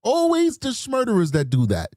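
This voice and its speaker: A man's voice: very high-pitched, wildly swooping pitch, normal speed, a little mellow, no echo, studio quality. A man hosting a true crime stream with emphatic, mocking commentary, mimicking people in bursts. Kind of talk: animated live-stream commentary.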